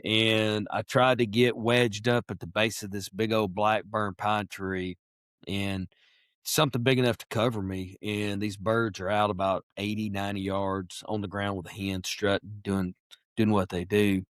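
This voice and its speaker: Podcast guest, adult man, low voice, lively storyteller who clears his throat, dry close sound. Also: moderate pace, no room sound. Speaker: podcast guest, wildlife biologist. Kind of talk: casual storytelling.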